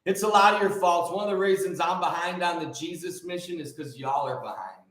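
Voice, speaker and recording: A man hosting a show and preaching casually, joking and rambling with lively energy. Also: high-pitched, brisk. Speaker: host and preacher. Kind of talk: casual live preaching talk. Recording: very echoey room.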